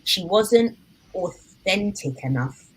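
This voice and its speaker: A woman's voice: medium pitch, expressive, slow, husky, poor audio. A woman hosting a casual book discussion, talking carefully and qualifying her points. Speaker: host.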